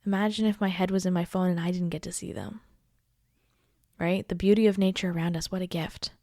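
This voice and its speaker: A woman hosting her own podcast, talking in a warm, encouraging, heartfelt way and often trailing into a soft near-whisper. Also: lowish voice, steady tone, a little fast, no room sound, studio quality. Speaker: podcast host. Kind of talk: casual solo podcast talk.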